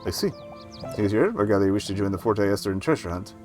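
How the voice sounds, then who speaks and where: A man's voice: fairly low pitch, animated, quick pace, a little mellow, soft background music, lightly acted. A man voicing a proud retired British army major in his older years, with a light put-on British accent and formal, gallant military bluster.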